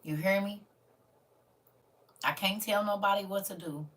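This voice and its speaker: A woman's voice: medium pitch, measured pace, fairly bright tone, distant mic. Earnest woman livestreaming, a bit off-mic. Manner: earnest, preachy, addresses listeners as family. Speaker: livestream host. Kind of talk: casual livestream talk to viewers.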